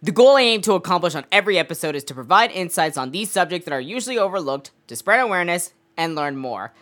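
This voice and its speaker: A woman's voice: on the low side, expressive, fast, a bit bright. A woman hosting a gaming podcast, giggly and flustered as she struggles to keep a straight face and keeps apologizing. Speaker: podcast host.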